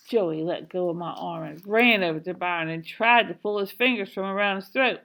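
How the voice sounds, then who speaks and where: A woman reading a children's novel aloud in a slow, expressive storytelling manner. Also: fairly low pitch. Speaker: reader.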